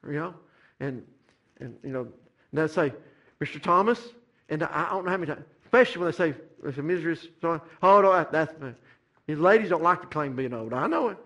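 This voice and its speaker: Middle-aged male preacher, sermon cadence, high ringing voice. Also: lively intonation, a little fast. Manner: rising to fervent shouted climaxes, repetitive preaching cadence. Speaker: pastor.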